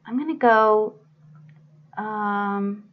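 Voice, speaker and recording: A woman's voice: medium pitch, extremely slow, muffled recording. A woman hosting a live stream as a psychic medium, chatty and flustered, apologizing and laughing as she gives readings.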